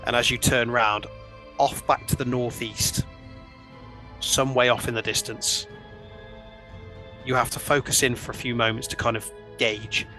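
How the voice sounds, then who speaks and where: A man running a tabletop game as dungeon master, narrating scenes in an unhurried, descriptive way. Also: mid-range voice, fairly even intonation, pushed and bright, soft background music.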